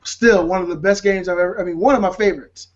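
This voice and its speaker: A man's voice: high-pitched, quick pace, muffled recording. A man co-hosting a gaming podcast, rambling with restarts and cracking jokes. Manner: rambling, hesitant, joking. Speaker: podcast co-host. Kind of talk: casual chat.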